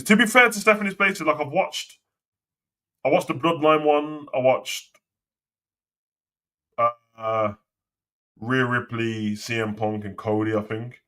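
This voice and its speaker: Young lad, sharp bright tone, live wrestling rant host, heavy swearing and slang. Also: male voice, mid-range voice, measured pace, long pauses. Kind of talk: casual live commentary and rant.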